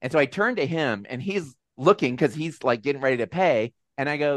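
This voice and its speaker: A man hosting a casual video call, telling a personal story in an animated, self-deprecating way. His voice sits in a middle register and sounds dry and close, with no room around it. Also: mid-range voice, moderate pace, dry recording. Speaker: host. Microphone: video call mic.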